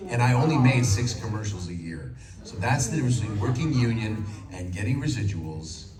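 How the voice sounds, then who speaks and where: A man in his sixties, a voice actor telling animated stories on a convention panel and slipping into character voices. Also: fairly low pitch, fairly quick. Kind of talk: anecdotal panel storytelling. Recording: echoey hall from far off, loud crowd.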